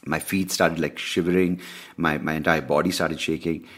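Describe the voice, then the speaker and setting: A man hosting a podcast, telling a personal story in a candid, animated way with plenty of swearing. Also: rumbling low, normal speed. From India. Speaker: podcast host. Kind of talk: casual ranting monologue.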